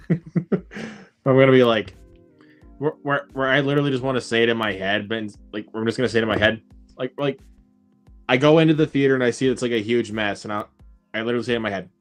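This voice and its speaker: A man's voice: mid-range voice, quick pace, long pauses, faint music behind. A man in a casual chat with a friend, laughing easily and repeating words as he thinks aloud.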